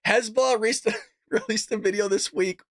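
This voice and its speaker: A man's voice: sits high, fairly even intonation, moderate pace, no room sound, clean studio sound. A man hosting a casual political commentary show, ranting, swearing and laughing often. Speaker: podcast host.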